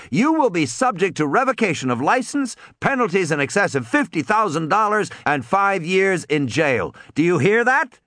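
A man voicing a stern middle-aged lawyer who threatens forcefully over a phone in an audiobook. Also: high voice, no echo, clean studio sound, voice pushed up, heavily acted.

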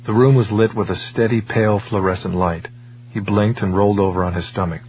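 A man reading an audiobook in measured, even scripted narration. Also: on the low side, muffled recording, slight background noise.

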